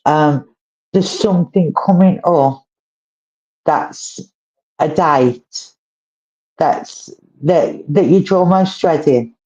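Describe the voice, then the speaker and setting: Slow, halting woman giving a reading. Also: sits low, highs cut off. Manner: halting, repetitive phrasing with gentle questions to the sitter. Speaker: psychic medium. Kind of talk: live mediumship reading.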